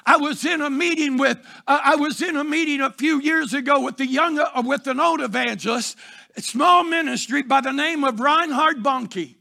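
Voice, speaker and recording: A middle-aged pastor, preaching fervently in a church with shouted emphasis and repetition. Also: male voice, very high-pitched, normal speed, gravelly. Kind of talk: sermon. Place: church sanctuary.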